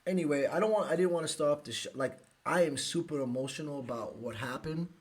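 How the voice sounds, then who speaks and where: A man from the United States hosting a live podcast, speaking emotionally with halting restarts and sighs. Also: on the high side. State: emotional, close to tears. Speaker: podcast host.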